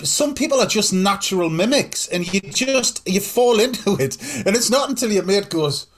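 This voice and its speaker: Laughing Geordie man, middle-aged. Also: sits high. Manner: laughing, lively storytelling with quick mimicry. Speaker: co-host. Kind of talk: casual podcast chat.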